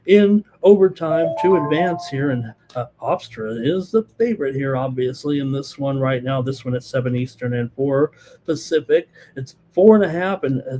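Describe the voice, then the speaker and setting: Fast-talking male betting show host. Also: fairly high pitch, dark tone. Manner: fast-talking, many fillers like uh and you know. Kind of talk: live betting analysis, reading chat comments.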